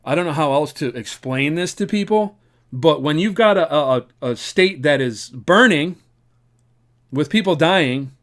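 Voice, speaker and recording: A man from the United States talks straight to camera in a loose, earnest vlog ramble, often repeating a phrase and letting out a wry laugh. His voice sits a little higher than most men's. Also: expressive, a little slow, fairly bright tone. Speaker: vlogger. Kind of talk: casual spoken commentary to camera.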